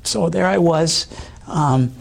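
A middle-aged man with a hoarse voice, giving an earnest personal testimony in an interview, halting with many fillers. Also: fairly high pitch. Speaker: guest.

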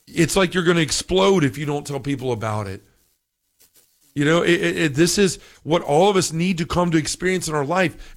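Fired-up guy preaching scripture on a podcast, kinda high voice. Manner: fervent, excitable, quotes scripture. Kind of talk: scripture teaching.

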